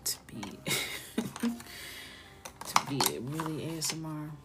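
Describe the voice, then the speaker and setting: A woman hosting a live coloring stream, talking casually and playfully while she colors, chatty and animated. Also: low voice, slow pace, very noisy.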